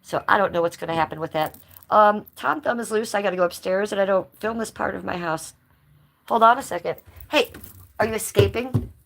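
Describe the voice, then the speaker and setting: A woman's voice: medium pitch, brisk, gravelly, a bit bright, rough recording. A woman livestreaming from home in casual chat, blunt and combative, swearing freely. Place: indoors at home, high-ceilinged room.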